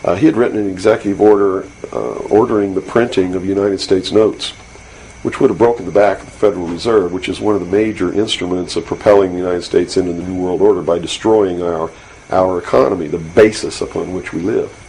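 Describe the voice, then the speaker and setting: Speaking as an interview guest, a man insists on his points earnestly, stumbling into fillers and restarts again and again. His low voice stays steady, a little fast and slightly mellow. It's a rough recording, with faint hiss from an old 1992 interview tape.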